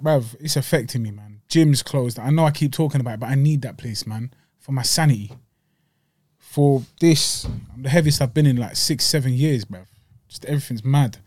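Fast-talking slangy man. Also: medium pitch, darkish tone, dry recording, clean studio sound. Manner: slangy, rambling, jokey. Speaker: podcast co-host. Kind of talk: casual banter.

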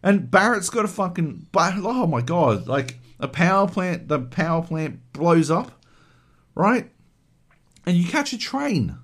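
Man, podcast co-host, casual chat, sweary animated rant, fairly high voice, lively. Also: a little slow. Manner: animated ranting, heavy swearing.

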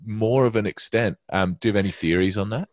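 A man hosting a casual chat, speaking haltingly with repeated words and casual swearing. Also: on the low side, no echo, studio quality.

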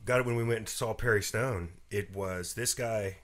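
A man's voice: fairly low pitch, normal speed, fairly bright tone. A man co-hosting a podcast in casual chat, rambling through stories with chuckling asides. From southern West Virginia. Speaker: podcast co-host.

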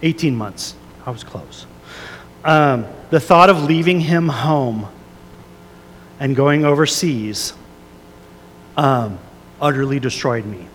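A man's voice: medium pitch, slow, long pauses, slight background noise. Pastor, male, 30s, confessional sermon delivery, long hall reverb. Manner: earnest, confessional, many fillers and restarts, soft prayerful then rising emphatic. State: a little emotional.

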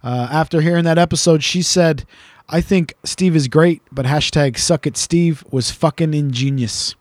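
A man with a somewhat high voice hosts a podcast in casual chat, reading out listener messages. His delivery rambles and teases, full of ums and restarts. The sound is dry and close, with little room around it. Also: moderate pace, dry recording. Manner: teasing, rambling with many fillers. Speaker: podcast co-host.

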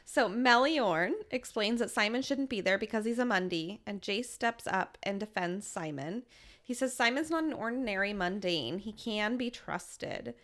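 A woman's voice: medium pitch, expressive, normal speed, fairly bright tone. A woman in her thirties hosting a casual podcast chat, recapping a book in a playful way with frequent laughter. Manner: laughs often, playful and chatty.

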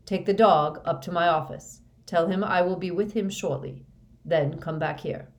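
A woman voicing an ancient male wizard headmaster who speaks in a measured, curt, authoritative way. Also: fairly low pitch, close to an everyday voice. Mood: cold command.

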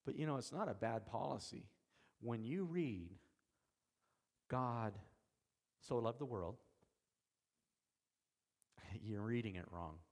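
A man preaching an expository sermon, shifting from soft, slow lines to loud emphatic ones, with folksy, self-deprecating asides. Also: medium pitch, expressive. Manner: dramatic swings between soft and emphatic, slows on key words. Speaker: pastor.

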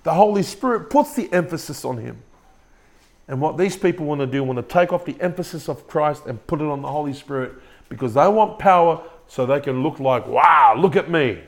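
A man's voice: on the high side, lively intonation, fairly quick, darkish tone. A male pastor preaching a sermon, often repeating and restarting words and putting questions to the congregation. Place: church room with a congregation.

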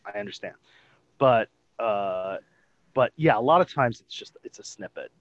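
A man's voice: on the low side, animated, normal speed, no echo, dull audio. A man co-hosting a podcast, chatting casually about a sitcom and often trailing off. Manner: chatty, trails off, laughs between remarks. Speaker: podcast co-host. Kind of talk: casual chat reviewing a sitcom episode.

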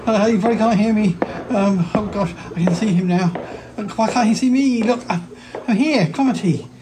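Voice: mid-range voice, normal speed, background noise, close to an everyday voice. A performer voicing Paul, a shy yeti shrunk very small, stammering and flustered.

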